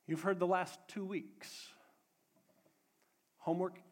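Pastor, male, fairly high voice, sermon in a sanctuary, emphatic repetition mixed with relaxed announcements. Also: takes it slowly, in a large hall. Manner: preaching with rising emphatic repetition, then casual announcements. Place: church sanctuary.

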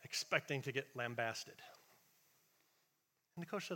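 A man pastor preaching a Sunday sermon, animated and conversational, acting out the voices he quotes and swinging from loud bursts to hushed asides. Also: mid-range voice, a little slow, pauses often, big-room sound.

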